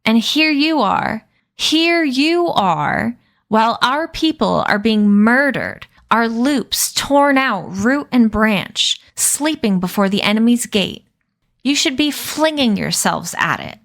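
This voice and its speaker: Brief: woman reading as a pompous male talking dog, raised pitch, slow booming oratory. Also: lively intonation, a bit bright, full character voice. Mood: indignant. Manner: imperious, orating, slow and emphatic. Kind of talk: reading a novel aloud on a stream.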